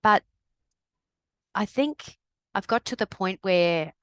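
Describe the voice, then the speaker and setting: A woman's voice: mid-range voice, lively intonation, takes it slowly, a bit bright, clean tone, no echo. A woman guest on a podcast, a grief recovery specialist, talking candidly and reflectively. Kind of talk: podcast conversation.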